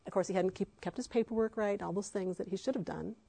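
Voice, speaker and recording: Middle-aged woman, faith talk to parents, impassioned, emphatic, mid-pitched voice. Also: fast talker, creaky, warm tone, slightly rough. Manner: impassioned, emphatic, with frequent fillers. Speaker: speaker on adoption.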